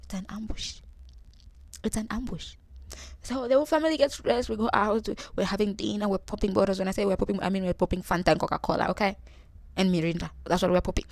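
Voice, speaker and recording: A woman's voice: mid-range voice, racing, no echo. A young woman from Tanzania telling a humorous story about her life, acting out the voices of the people in it. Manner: animated, acts out quoted voices. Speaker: vlogger.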